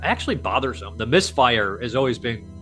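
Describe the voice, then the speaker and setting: Male host, casual and chatty, asking quick questions, light music in the background. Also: medium pitch, very animated, pushed and bright, low-quality recording. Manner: chatty, quizzing a guest. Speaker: podcast host. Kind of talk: casual conversation.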